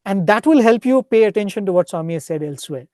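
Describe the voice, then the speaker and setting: A man giving a devotional talk, retelling stories in an unhurried, explanatory way and often checking in with a questioning "right?". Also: high-pitched, lively intonation, darkish tone, no room sound, studio quality. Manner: ends points with a questioning "right?". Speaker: spiritual speaker.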